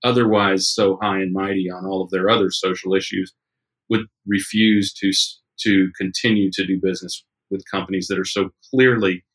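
A man's voice: low-pitched, flat delivery, normal speed, fairly bright tone, poor audio. A man co-hosting a talk show, giving blunt, emphatic opinions in casual commentary. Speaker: podcast co-host.

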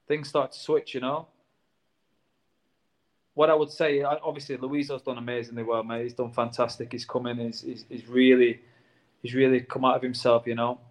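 A former footballer talking casually in an interview, earnest and warm toward the players, tacking "mate" onto his sentences. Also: medium pitch, flat delivery, normal speed. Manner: earnest, says "mate" a lot.

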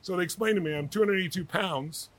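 A man being interviewed as a guest author, telling animated, emphatic stories in a quick, energetic manner. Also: high voice, rough recording.

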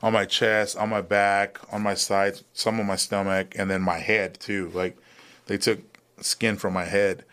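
A man in his thirties, a veteran guest on a podcast, telling his story in a relaxed, matter-of-fact way with many fillers. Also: fairly low pitch, unhurried. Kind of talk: casual storytelling interview.

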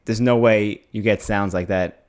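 A man's voice: lowish voice, fairly even intonation, moderate pace. Easygoing male podcast host. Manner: easygoing, laughs often. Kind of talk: casual interview chat.

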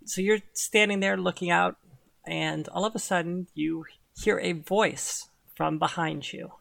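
A game master narrating a tabletop role-playing scene in relaxed, descriptive language. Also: mid-range voice, measured pace, vocal fry.

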